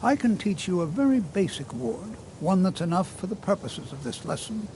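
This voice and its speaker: Fussy old wizard teacher, bouncy gravelly voice, noisy game audio. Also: male voice, sits high, big pitch swings, moderate pace. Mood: lecturing. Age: older. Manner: gentle, fussy, lecturing. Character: patient, kindly old male wizard teacher. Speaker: magic instructor. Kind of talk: video game voice acting.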